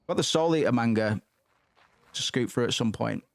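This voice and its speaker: A man's voice: medium pitch, expressive, moderate pace, gravelly, no echo. Sweary young man gaming. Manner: sweary, rambling, muttering asides. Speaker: gaming streamer. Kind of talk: casual gameplay commentary.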